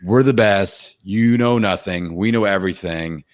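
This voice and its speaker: A man hosting a podcast interview, talking in a relaxed, affirming and conversational way. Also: low-pitched, moderate pace. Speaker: podcast host. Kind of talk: casual interview chat.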